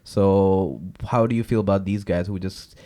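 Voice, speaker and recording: Deep-voiced man, eager podcast host. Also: steady tone, moderate pace, mellow. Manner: eager, laughs often, asks long rambling questions. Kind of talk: casual podcast interview.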